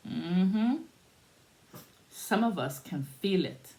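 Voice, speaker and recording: A woman telling a spiritual story in a soothing, drawn-out way, pausing between phrases. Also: lowish voice, lively intonation, warm tone.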